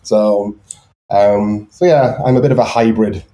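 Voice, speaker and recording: A man's voice: lowish voice, unhurried, warm tone. Hesitant man with anglicized North Welsh accent. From Wales. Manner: hesitant, many ums and restarts. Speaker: guest artist. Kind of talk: casual chat.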